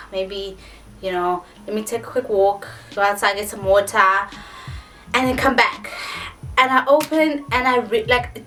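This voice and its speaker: A South African woman in her twenties, a vlogger telling a story in a casual, animated way with lots of "like". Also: mid-range voice. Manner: animated, dramatic retelling with many filler likes. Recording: distant mic with faint music.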